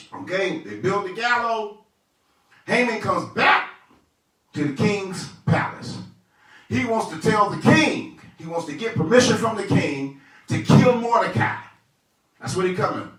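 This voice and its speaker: A male pastor teaches Sunday school, retelling scripture with animated, conversational energy. His high voice swoops widely. It echoes heavily around the room, picked up from a distance. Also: unhurried, pauses often. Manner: animated storytelling, conversational preaching.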